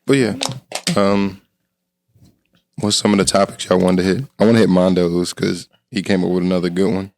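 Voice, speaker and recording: A deep-voiced man whose voice is hoarse and strained, as if he is losing it. He chats casually and swears freely while telling a story. The recording is dry and close, with no room sound. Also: flat delivery, normal speed, darkish tone, dry recording. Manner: loose, profane storytelling. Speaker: podcast co-host. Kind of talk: casual chat.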